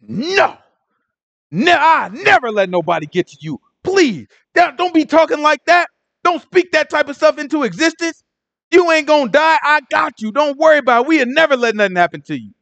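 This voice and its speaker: A frantic young disciple, as a man puts him on, begging his friend in quick, urgent slang. The voice climbs well above a normal speaking pitch and sounds dry and close, with no room around it. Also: lively intonation, gravelly, fairly bright tone, no room sound, full character voice. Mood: pleading. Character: pleading earnest male disciple, young adult friend.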